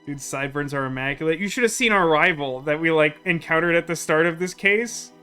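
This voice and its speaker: Bright-voiced chatty gaming host. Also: male voice, a little high, brisk, clear, resonant tone, soft background music. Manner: chatty, rambling with many fillers. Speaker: let's play host. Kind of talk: casual gameplay commentary.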